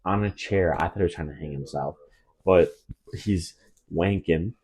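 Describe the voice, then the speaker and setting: A man's voice: low voice, normal speed, darkish tone, husky. A young man co-hosting a podcast, retelling a story in a loose, rambling way with lots of fillers and restarts. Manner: rambling, many fillers and restarts, drops into mock voices for quotes. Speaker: podcast co-host. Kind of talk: casual storytelling chat.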